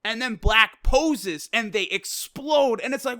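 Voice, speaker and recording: Excitable profane reviewer, bright voice. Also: medium pitch, takes it slowly, hardly any pauses, no room sound, clean studio sound. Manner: excitable, swears freely, lots of fillers. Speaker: anime episode reviewer. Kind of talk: casual recap and commentary.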